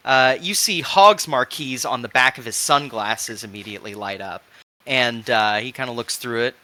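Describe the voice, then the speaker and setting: A man's voice: medium pitch, normal speed, pushed and bright. A man running a tabletop game as game master, narrating casually with lots of fillers.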